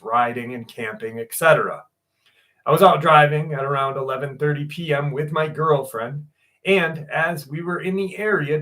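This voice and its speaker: A man in his forties with a slightly higher-than-average voice hosts a livestream. His talk is loose and sprinkled with swearing. He reads viewer stories aloud in the same easygoing way. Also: a bit bright. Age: 40s. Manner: loose and profane, greets viewers by name. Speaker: livestream host. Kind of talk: casual livestream chat and reading listener stories aloud.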